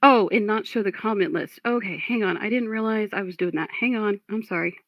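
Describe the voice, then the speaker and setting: A frustrated woman streams live and reads her chat, talking bluntly and cursing at trolls. Her voice has a gravelly fry, and the lo-fi audio sounds dull and dry. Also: medium pitch, fairly quick, no echo. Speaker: livestream host. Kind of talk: casual livestream talk reading chat.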